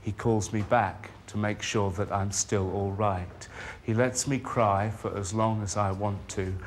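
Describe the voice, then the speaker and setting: A man from England performing his own spoken word poem in a slow, measured delivery with long pauses. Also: lowish voice, fairly even intonation, slight background noise.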